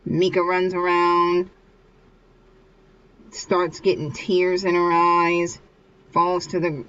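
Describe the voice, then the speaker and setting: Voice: medium pitch, monotone, takes it slowly, pauses often, a bit bright. A vlogger casually retelling a comic chapter, rambling loosely with lots of filler and restarts. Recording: muffled with faint hiss.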